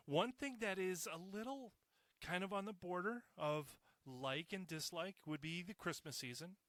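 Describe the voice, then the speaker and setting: A man hosting a casual solo podcast, talking in a profane, sarcastic, animated rant. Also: on the high side, no room sound. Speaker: podcast host.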